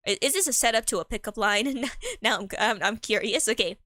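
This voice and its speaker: Young woman streamer, giggly and rambling, bright higher voice, dry close sound. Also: expressive, fairly quick, dry recording. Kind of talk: improvised role-play chat.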